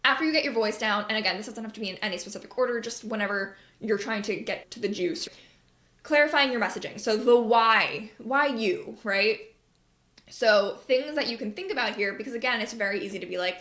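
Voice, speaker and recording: A fairly high-voiced woman talking through a casual marketing podcast episode, candid and chatty. She swears offhandedly and slips into little acted-out voices when she quotes people. The recording has a roomy echo to it. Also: fairly quick, fairly bright tone. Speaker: podcast host, marketing coach. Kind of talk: casual advice podcast monologue.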